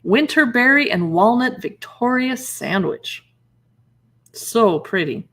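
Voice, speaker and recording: A woman's voice: a little high, big pitch swings, slow pace, a bit bright. Woman, livestream shopping host, casual chat, reads recipe names aloud, short reactions, greets viewers.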